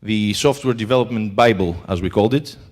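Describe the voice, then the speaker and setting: A man's voice: on the low side, fairly quick. A man with a Greek accent giving a talk at a conference, hesitant and full of filler sounds. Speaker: conference speaker. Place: conference hall.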